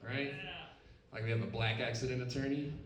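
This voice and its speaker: A man's voice: medium pitch, fairly even intonation, a little slow, recorded from a distance, slight background noise. A stand-up comedian from Stockton, California, performing a live set in a lounge and tagging his punchlines with "right?" and "okay?". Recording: roomy club sound from off-mic, crowd laughter.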